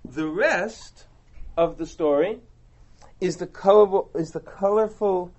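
A man teaching a text study class, explaining with animated, rhetorical asides. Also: sits high, slow, dull audio.

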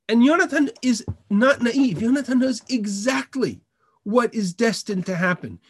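A man's voice: high voice, no echo, studio quality. Man teaching a Bible text class. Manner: reads verses in Hebrew then translates, with frequent restarts. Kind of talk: online text study lesson.

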